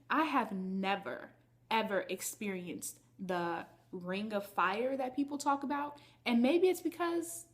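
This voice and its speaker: Woman vlogger chatting away, candid story to her viewers, mid pitch. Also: fairly bright tone. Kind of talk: casual storytelling to camera.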